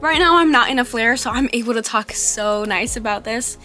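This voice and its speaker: A young woman talking candidly in a personal vlog about living with chronic illness, halting and full of fillers, with soft laughs. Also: a little high, faint music behind. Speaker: vlogger.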